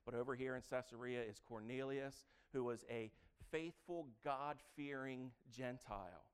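Male preacher, clear, smooth tone, chatty and joking, quizzes the congregation. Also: mid-range voice, a little slow. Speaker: preacher teaching a Bible lesson. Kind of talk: interactive sermon.

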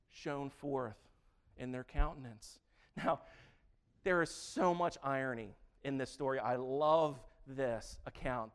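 A male preacher gives a sermon at a slow, unhurried pace, leaning on drawn-out, emphatic phrases. His voice sits a little high and sounds smooth and clear. He brings a sarcastic, playful humor to the telling.

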